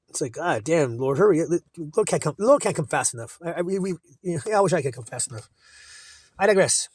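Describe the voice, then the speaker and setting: A man with a notably high speaking voice talks scripture into his cell phone. He is rough and profane, full of restarts and stumbles, and slows down for the verses. The sound is dry, with no room echo. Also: darkish tone. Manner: profane, rambling, many restarts; reads verses slowly in old-style diction. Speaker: self-taught scripture teacher. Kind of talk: informal scripture breakdown video.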